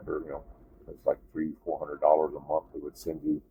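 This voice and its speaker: A deep, husky-voiced man in his fifties tells his story in a casual interview, with his voice climbing sharply whenever he is exasperated. He comes through a narrow, phone-like line that thins out his sound. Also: brisk. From United States. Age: 50s. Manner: animated storyteller, voice jumps up in disbelief. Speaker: guest, Army veteran.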